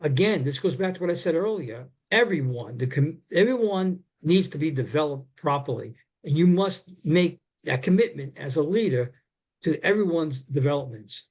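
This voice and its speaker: A man's voice: a little high, lively intonation, moderate pace, a little mellow. A man giving a business coaching presentation to shop owners, earnest and repeating his words for emphasis.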